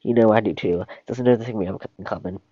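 A man voicing a chatty, excitable male talking donkey who rambles on, in dull lo-fi stream audio. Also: on the low side, racing, dry recording, natural voice. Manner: rambling and eager, talking nonstop.

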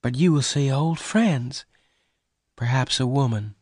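Brief: a man doing a tender young frontier woman, voice pushed high, lively and pleading, storybook reading. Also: normal speed, no echo, studio quality, lightly acted. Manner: raised, soft pleading voice. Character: gentle young woman, sad, loving.

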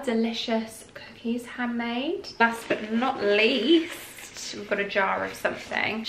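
Young woman, chatty vlogger voice, bright and forceful, echoey room. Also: fairly high pitch. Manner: chatty, drops to a whisper at times. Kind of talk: casual haul vlog chat. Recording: echoey room with faint noise.

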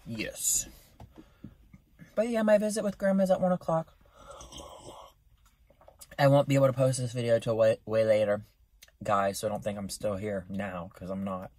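A young man talking casually into his phone camera in a vlog, chatty and self-mocking, with his voice jumping up in pitch. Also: a little mellow. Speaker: vlogger. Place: in a car outside a store.

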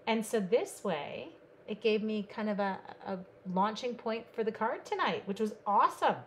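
A chatty woman from Canada leads a live card-making stream, talking steadily to her viewers as she works. Her voice sits at an ordinary middle pitch. A faint hiss of noise runs under the recording. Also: moderate pace. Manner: chatty, bubbly, talks to viewers while working. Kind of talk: live online crafting stream.

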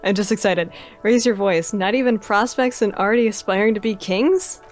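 A woman's voice: mid-range voice, fairly quick, soft background music. Giggly woman playing a game. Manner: giggly, chatty. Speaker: gaming streamer. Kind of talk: let's-play commentary, reading dialogue aloud.

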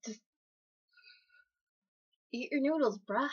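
A woman's voice: sits high, slow pace, slightly rough. A woman vlogger rambling through an improvised story, full of fillers, self-corrections and swearing, on slightly dull lo-fi audio. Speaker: vlogger telling a made-up story.

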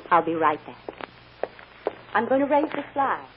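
A woman playing a devoted mother who softly soothes and coaxes her child, in 1940s radio acting on a dull old radio recording with hiss. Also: on the high side, big pitch swings, moderate pace. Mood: soothing. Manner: soft, soothing, coaxing.

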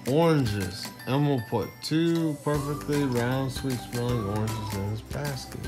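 A man's voice: medium pitch, unhurried, over music. A man reading a children's storybook aloud to his kids at bedtime, playful and teasing, with joking asides.

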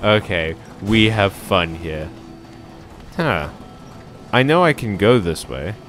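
A man casually commentating a game as he plays, reacting out loud and chatting to his viewers. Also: lowish voice, expressive, takes it slowly, a little hiss or hum. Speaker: game streamer. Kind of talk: casual let's-play commentary.

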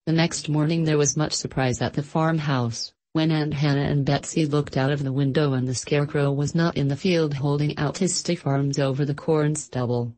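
A woman narrating a storybook in a calm, even storytelling manner. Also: low-pitched, moderate pace, few pauses, rough recording. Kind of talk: storybook reading.

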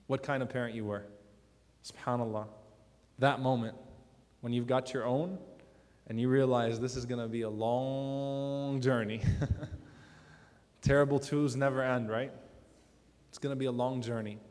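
A man preaching to a youth conference, telling personal stories earnestly and dropping to a hushed voice for emphasis. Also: mid-range voice, steady tone, a little slow, pauses often. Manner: drops to a soft, hushed voice for emphasis. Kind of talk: emotional sermon. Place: large conference hall. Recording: long hall reverb.

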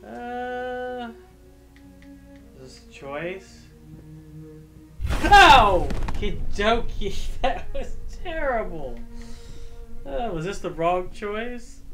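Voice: medium pitch, a bit bright. A gaming streamer giving jumpy, joking commentary on a horror game. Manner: jumpy, exclaiming, joking at the screen. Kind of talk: let's play commentary.

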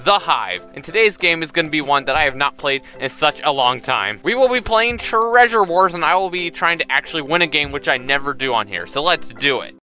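A young man giving excitable, trash-talking commentary over his own Minecraft gameplay, often repeating words in quick bursts. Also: on the high side, soft background music. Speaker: gaming YouTuber.

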